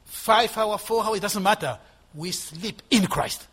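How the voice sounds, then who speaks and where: Older male preacher, sixties, husky, slightly high voice, emphatic and repetitive. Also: unhurried, fairly bright tone. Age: 60s. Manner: emphatic, rising and dropping in volume, repeating for stress. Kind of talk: sermon.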